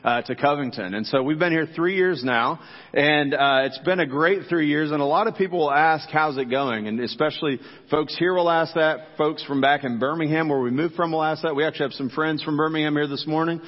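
A man's voice: fairly high pitch, fairly quick. A middle-aged man preaching a sermon to his congregation in a casual, joking way, talking straight to the people. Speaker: pastor. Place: church sanctuary. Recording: dull sound with long church reverb.

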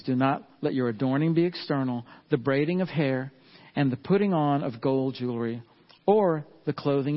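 A middle-aged man preaching a sermon in a folksy way, often turning to the congregation with asides. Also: medium pitch. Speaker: pastor. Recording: dull lo-fi sound.

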